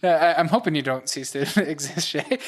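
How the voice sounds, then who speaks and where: A man's voice: on the high side, expressive, fairly quick. Podcast co-host, male, methodical explainer, plain conversational delivery. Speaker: podcast co-host, dungeon master. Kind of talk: casual chat.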